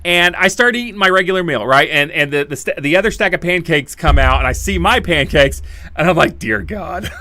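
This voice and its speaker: Bright-voiced man telling a rambling story. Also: on the high side, lively intonation, a little fast. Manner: rambling, acts out quoted dialogue; frequent restarts and laughter. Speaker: podcast host. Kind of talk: casual storytelling.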